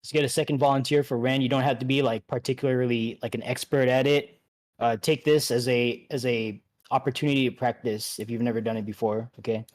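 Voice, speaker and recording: A man leading an online game raid, giving relaxed instructions with many fillers and restarts. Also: medium pitch, brisk. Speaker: raid leader. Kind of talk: casual instructions over voice chat.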